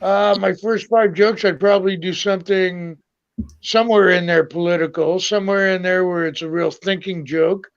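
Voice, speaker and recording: A man's voice: high-pitched, steady tone, moderate pace, muffled recording. A man, a comedian guest, telling stand-up stories in casual chat and acting out the voices of people in them. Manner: storytelling, acts out quoted voices.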